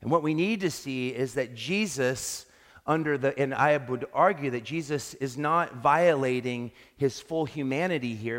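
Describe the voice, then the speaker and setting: A man preaching a sermon as pastor, earnest and reflective, often restarting his sentences. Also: medium pitch. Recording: long reverb of a large hall.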